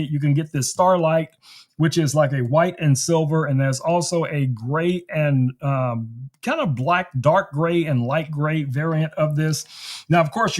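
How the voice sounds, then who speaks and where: A man's voice: on the high side, moderate pace. A man hosting a casual tech live stream, chatting, laughing often and demoing a gadget.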